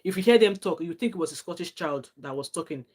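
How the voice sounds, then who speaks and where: This middle-aged woman, a nurse with a Nigerian accent, hosts a live stream where she casually replies to viewer comments and gives heartfelt advice. She talks fast and expressively, her fairly low, darkish voice carrying a breathy edge.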